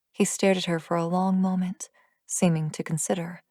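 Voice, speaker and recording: A woman narrating an audiobook, reading the story in a steady, even manner. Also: lowish voice, normal speed, no room sound, studio quality.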